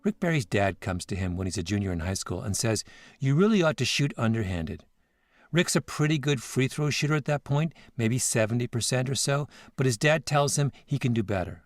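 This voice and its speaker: A man hosting a podcast, telling a story in scripted narration with a measured, reflective manner. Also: mid-range voice, lively intonation, dry recording. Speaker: podcast host.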